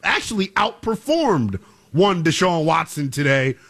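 A man's voice: fairly high pitch, sing-song, unhurried, a bit bright. A man co-hosting a sports talk show, giving emphatic, playful opinions. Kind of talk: animated sports debate.

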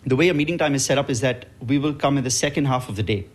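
A man who runs a family business, answering interview questions in a casual, halting way. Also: mid-range voice. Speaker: business owner.

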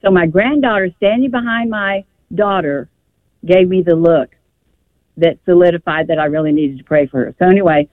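A woman's voice: lowish voice, normal speed, no room sound. An older woman calling in to a radio show, telling a long story in a rambling, emotional way with many restarts, heard over the phone. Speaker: caller. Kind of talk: call-in radio conversation. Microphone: telephone. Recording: tinny phone line.

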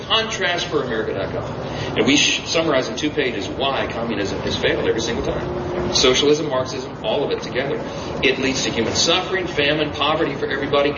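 An emphatic man delivers a campaign stump speech, his pitch rising and falling with energy. He is picked up from a distance in a reverberant space. The audio is dull and sits under steady noise. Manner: emphatic, animated rally speaking. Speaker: politician at a campaign rally. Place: campaign event. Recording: roomy, distant, dull, noisy rally audio.

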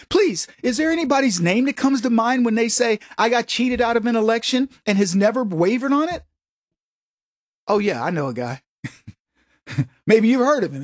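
A man's voice: high-pitched, breathy edge, dry recording, clean studio sound. A male radio talk show host delivering a political monologue in a conversational, emphatic way, often chuckling at his own asides.

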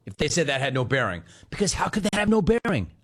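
A man's voice: on the high side, sing-song, fast, fairly bright tone. A middle-aged man hosting a sports talk show, ranting in a heated, sarcastic way. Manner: sarcastic, heated, mocks the player in put-on voices. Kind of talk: sports radio rant.

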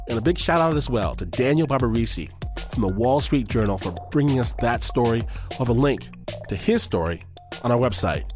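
A man's voice: mid-range voice, a little mellow. A male radio host closing the segment with thanks and credits. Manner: friendly, scripted sign-off. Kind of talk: radio show outro. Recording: music bed under voice.

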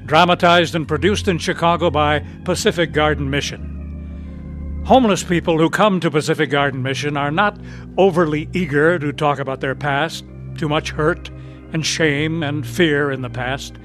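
A man announcing and narrating a radio drama in a measured, earnest way. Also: on the high side, a bit bright, faint music behind.

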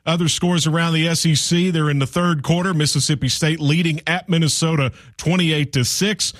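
Male studio anchor, brisk radio scoreboard read, dry booth sound. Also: a little high, steady tone, no room sound. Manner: brisk, with small fillers. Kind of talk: live scoreboard update on radio.

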